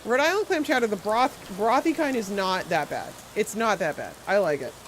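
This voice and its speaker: A game streamer chatting loosely with viewers while playing, voice sitting in an ordinary middle pitch. The talk wanders and doubles back with plenty of fillers, and the opinions are delivered firmly. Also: animated, normal speed, fairly bright tone, a little hiss or hum, poor audio. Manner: rambling, chatty, answers chat, strong food opinions. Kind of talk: casual live-stream chat while playing.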